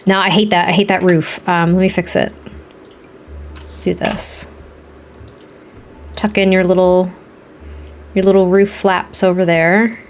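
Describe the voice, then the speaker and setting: A woman with a Boston accent chatting frankly and thinking out loud while building a house in a life-sim game. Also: lowish voice, flat delivery, a little slow, pauses often, a little hiss or hum. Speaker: Sims builder streamer. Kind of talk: casual gaming commentary while building.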